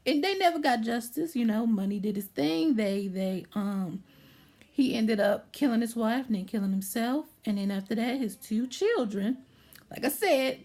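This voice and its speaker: A woman's voice: a little high, darkish tone. A woman vlogger animatedly retelling a movie plot, checking in with her listener as she goes.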